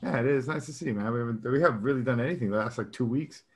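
A man's voice: medium pitch, rapid-fire, husky. A man in his thirties or forties co-hosting a podcast in casual, rambling chat, laughing often as he talks. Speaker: podcast co-host.

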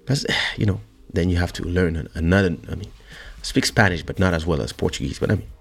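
A man hosting a podcast, chatting casually and telling a family story in an animated way. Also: sits low, fast talker, creaky, husky, soft background music. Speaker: podcast host. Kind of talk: casual chat.

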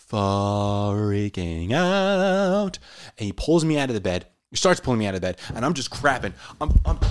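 A man telling a personal story in a casual, animated way, often saying "dude". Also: mid-range voice. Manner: animated, says "dude" a lot.

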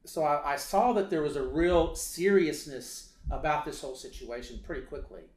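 A man's voice: fairly high pitch, normal speed, a little mellow. A man telling a personal story in a casual interview, hesitant with many fillers, acting out dialogue. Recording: roomy echo.

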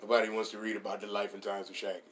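Low-voiced man in a profane comic rant. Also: flat delivery, very fast, a bit bright. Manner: profane, rambling, laughs at his own jokes, sudden high-pitched character voices. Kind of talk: casual comedic rant.

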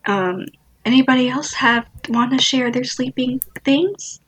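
A woman's voice: high-pitched, measured pace, a bit bright, breathy edge. A young woman hosting a casual chat, rambling with lots of fillers and giggles. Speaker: host.

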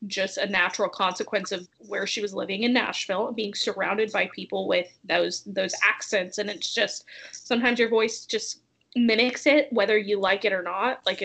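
Woman co-host, mild Southern accent, relaxed and talkative. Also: medium pitch, creaky, slightly rough, low-quality recording. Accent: light Southern US. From American South. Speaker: podcast co-host. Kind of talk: casual chat.

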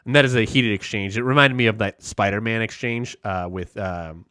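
A man recapping a movie in a casual podcast chat, animated and heavy on the swearing as he rambles through the plot. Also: on the low side, normal speed, dry recording, clean studio sound. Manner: animated, profane, rambling storyteller.

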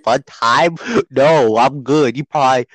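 A man's voice: mid-range voice, unhurried, dry recording. A man co-hosting a casual podcast, joking and swearing freely, with a dry close sound. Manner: profane, joking, animated. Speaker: podcast co-host. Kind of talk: casual chat.

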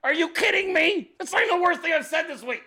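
A man voicing an irate older man who shouts profanities at Congress in a high, strained voice. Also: expressive, fairly quick, heavily acted. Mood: scornful.

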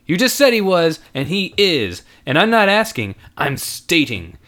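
A man's voice: on the high side, sing-song, measured pace, sharp tone, pitched above the performer's own voice, full character voice. A man voicing a persistent young man who keeps pleading and pressing. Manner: pleading, insistent. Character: young man, persistent, odd sudden charm.

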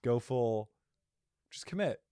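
A man hosting a podcast, chiming in with quick jokey reactions in casual chat. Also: medium pitch, lively intonation, mellow, clear, resonant tone, no echo, clean studio sound. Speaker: podcast host.

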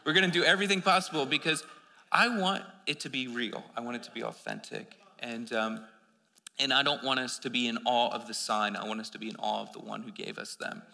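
A man's voice: mid-range voice, steady tone, fairly quick, gravelly, sharp tone, big-room sound. A man preaching a sermon, telling a story in a loose, rambling way with many restarts.

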